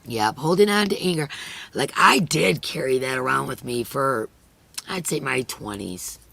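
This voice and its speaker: A middle-aged woman hosting a crochet live stream, chatting earnestly and emotionally with viewers, her voice hoarse and fading. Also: rumbling low, expressive, a little slow, sharp tone, no echo. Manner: earnest and emotional, many "you know" fillers. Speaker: crochet channel host. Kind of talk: casual chat on a live stream, reading viewer comments.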